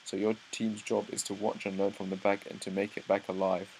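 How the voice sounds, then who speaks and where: A young man reading a comic chapter aloud, breaking off into excited asides and stumbling over words. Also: on the low side, fairly quick, vocal fry, a little hiss or hum, rough recording. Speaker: manga reaction host. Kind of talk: live reaction read-through.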